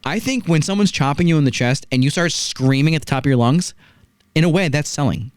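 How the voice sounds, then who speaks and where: A man with a smooth voice on the high side hosts a casual wrestling review, speaking briskly with no echo. He tells animated stories and often throws in rhetorical "right?" asides.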